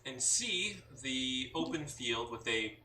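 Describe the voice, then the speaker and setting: Bright-voiced man running a tabletop game. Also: medium pitch, slow pace. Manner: relaxed narration with many fillers. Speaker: game master. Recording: roomy echo, mic at a distance, faint noise.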